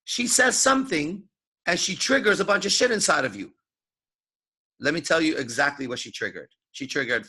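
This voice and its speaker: A man's voice: medium pitch, animated, fairly quick, sharp tone. A man coaching seduction in a crude, emphatic lecture, swearing constantly and acting out his own thoughts. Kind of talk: profane motivational lecture.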